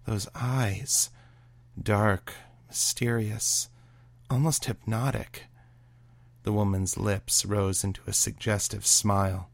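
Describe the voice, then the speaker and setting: A man narrating a serial story in a steady, even reading voice. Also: lowish voice, slow pace, vocal fry, no room sound.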